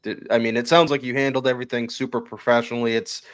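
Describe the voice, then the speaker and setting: A man's voice: medium pitch, flat delivery, quick pace, fairly bright tone, clear, resonant tone. A man hosting a hockey podcast, asking chatty questions full of fillers. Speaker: podcast host. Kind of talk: casual podcast interview.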